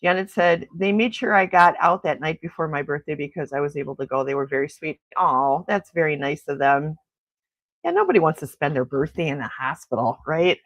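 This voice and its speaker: A woman chats through a casual morning livestream from her home, greeting viewers and reacting to their comments with frequent exclamations. Her pitch swings widely and animatedly as she talks. She speaks into a desk microphone, and the sound is dry and close. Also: no room sound. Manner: chatty, exclaims often. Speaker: livestream host. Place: home in snowy Milwaukee.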